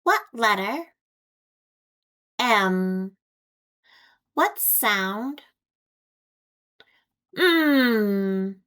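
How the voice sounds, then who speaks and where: Very slow, deliberate American woman teacher. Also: mid-range voice, fairly bright tone. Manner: deliberate, repeats each word with long pauses. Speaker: ESL teacher. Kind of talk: slow, clearly enunciated phonics lesson.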